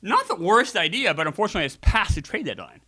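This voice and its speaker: Lively, bright-voiced man gaming. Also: high-pitched, fast, husky, dry recording. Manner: joking, talks to viewers, swears casually. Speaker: gaming show host. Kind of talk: casual video game commentary.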